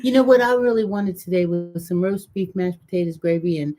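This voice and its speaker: A woman's voice: on the low side, brisk, warm tone. An older woman with a Southern US accent, co-hosting a casual live chat in a playful, teasing way. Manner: playful and teasing, laughs often. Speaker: co-host of a live show.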